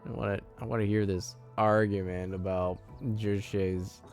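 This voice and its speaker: A man's voice: low-pitched, level tone, normal speed, darkish tone, faint music behind. A man live-streaming a game, chatting casually and rambling, laughing often and sounding flustered.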